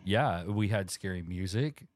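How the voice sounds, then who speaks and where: A man's voice: sits low, animated, measured pace, dry recording, studio quality. A man co-hosting a podcast in casual comedic chat, jokey and prone to stammering restarts. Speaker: podcast co-host.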